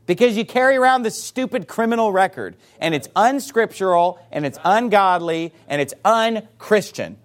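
A pastor preaching a sermon to a congregation, forceful and emphatic, with rhetorical questions. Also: male voice, sits high, lively intonation, normal speed, hardly any pauses.

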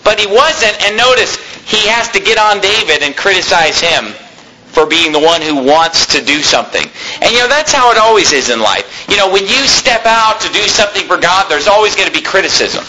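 A man's voice: high-pitched, expressive, normal speed, pushed and bright, slight background noise, low-quality recording. A man preaching a sermon, reading scripture aloud and then explaining it in plain, emphatic words.

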